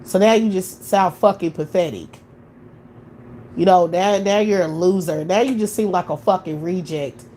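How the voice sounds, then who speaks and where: A woman's voice: lowish voice, normal speed, dark tone, slight background noise. A woman hosting a live stream, talking in a blunt, profane, opinionated way in casual chat.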